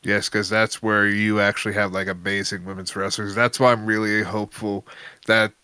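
A man's voice: on the low side, level tone, normal speed, sharp tone, clear, resonant tone, no room sound. A man co-hosting a casual wrestling chat, opinionated and earnest. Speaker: podcast co-host.

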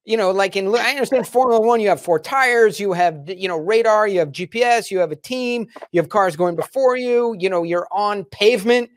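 A man's voice: high-pitched, a little fast, hardly any pauses, no echo, clean studio sound. A man hosting an interview, asking blunt, curious questions in a casual, sometimes profane way. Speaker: podcast host. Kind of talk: interviewing a guest.

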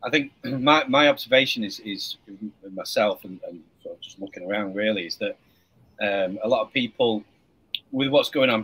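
A man co-hosting an interview show, speaking in a reflective, measured way. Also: lowish voice, fairly bright tone, slightly rough, poor audio. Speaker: co-host. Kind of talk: casual conversational interview.

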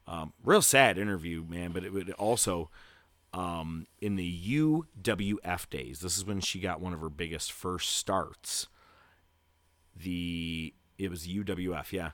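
A podcast host with a low, unhurried voice chats casually, wandering through a story with lots of filler words, then gets loud and hyped as he teases an upcoming segment. There's no room sound.

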